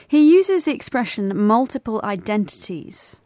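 A woman co-presenting a scripted educational podcast, explaining vocabulary clearly. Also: on the high side, sing-song, normal speed, dark tone, dry recording, studio quality.

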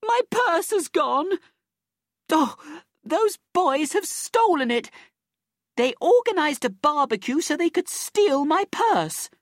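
A woman doing a shrill, screaming rich old lady. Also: big pitch swings, takes it slowly, no room sound, studio quality, heavily acted. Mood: shrieking panic.

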